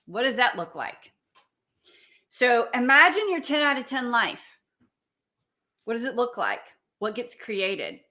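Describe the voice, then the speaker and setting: A middle-aged woman coaching her audience through a live stream. She speaks earnestly and keeps asking probing, reflective questions, with a pitch that sits in the middle for a woman. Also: sharp tone.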